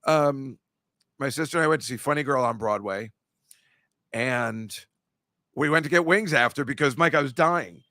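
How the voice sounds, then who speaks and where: A man hosting a podcast in casual chat, telling rambling stories and teasing listeners, with jumpy bursts of loudness. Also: medium pitch, normal speed, pauses often, no room sound, clean studio sound. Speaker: podcast host.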